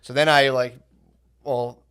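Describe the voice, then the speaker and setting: A man co-hosting a podcast, telling profane stories in an excitable, casual chat. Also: mid-range voice, slow pace, clear, resonant tone.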